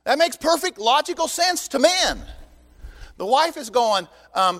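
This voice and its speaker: Older male pastor, high-pitched, animated teaching sermon in a reverberant hall. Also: unhurried. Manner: animated, joking asides to the congregation. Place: church sanctuary. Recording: long reverb in a church hall.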